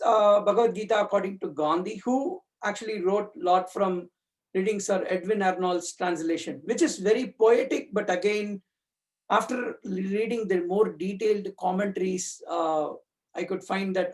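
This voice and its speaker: High-pitched guy talking thoughtfully about books, lots of uhs and restarts. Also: darkish tone. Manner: thoughtful, searching, many fillers and restarts. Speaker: community speaker. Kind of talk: personal talk on spiritual reading.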